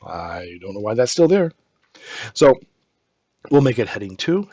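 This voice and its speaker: A male instructor talking through a screen-recorded software tutorial, relaxed and thinking aloud step by step, with frequent ums and small restarts. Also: on the low side, unhurried, husky, dry recording, lo-fi sound.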